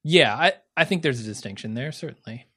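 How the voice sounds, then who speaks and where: Measured man thinking aloud. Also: medium pitch, animated, a bit bright, breathy edge. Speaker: podcast co-host. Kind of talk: casual film discussion.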